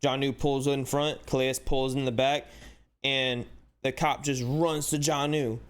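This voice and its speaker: A man hosts a sports channel and breaks down footage in casual, animated commentary. His voice is smooth and resonant at an ordinary pitch. He fires off exasperated rhetorical questions and leans on "like" throughout. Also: measured pace.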